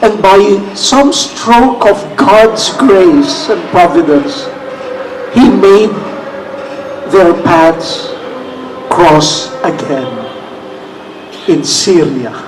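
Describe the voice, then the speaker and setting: A man in his sixties with a Filipino accent, telling a story slowly and deliberately in a talk, with emphasis that rises at the tense moments. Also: high voice, animated. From Philippines. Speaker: cardinal giving a talk. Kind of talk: storytelling address. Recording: distant mic with faint room noise.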